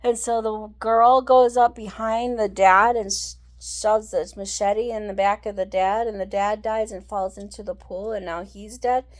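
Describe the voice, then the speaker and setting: A woman's voice: medium pitch, steady tone, a little slow, few pauses. A woman vlogger chatting casually and rambling through a film's plot, full of fillers and restarts, acting out the characters' lines. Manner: rambling, many fillers and restarts, acts out quotes. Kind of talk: casual chat recapping a film.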